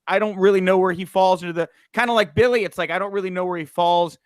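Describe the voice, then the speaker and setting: With a high, clean voice and a quick delivery, a young podcast host swaps wrestling news and stories in a dry recording. He's a lively, casual storyteller who leans heavily on "uh" as a filler.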